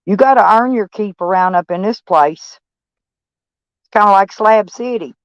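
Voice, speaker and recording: A woman's voice: mid-range voice, normal speed, smooth, dry recording. An older woman vlogging about her day to camera, blunt, profane and rambling. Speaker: van-life vlogger. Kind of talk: casual rambling talk to camera. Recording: dull, dry recording.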